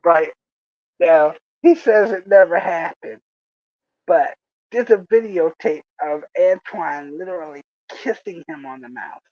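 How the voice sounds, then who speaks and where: Brief: animated male storyteller, high voice, dry muffled recording. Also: unhurried, no room sound. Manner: animated, laughing often. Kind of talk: casual storytelling.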